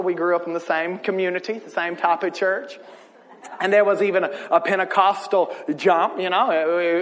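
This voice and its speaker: A man preaching a sermon in a lively, humorous way, full of rhetorical questions. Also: high voice, big-room sound.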